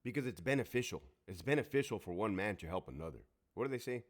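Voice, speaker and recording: A middle-aged man with a somewhat low voice talks in a casual, unscripted monologue. He is blunt and emphatic, with constant profanity, like a former guard telling it straight. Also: lively intonation, quick pace. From Southern California. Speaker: former prison guard and military veteran.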